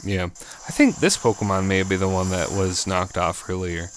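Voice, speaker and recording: A man casually commentating his own video game battle in an excitable, chatty, jokey way. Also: low-pitched, normal speed, faint music behind.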